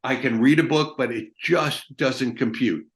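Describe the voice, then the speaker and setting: A man's voice: mid-range voice, measured pace. A middle-aged American man, an army veteran guest in an interview, talking in a blunt, emphatic way and swearing freely. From United States. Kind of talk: casual interview talk.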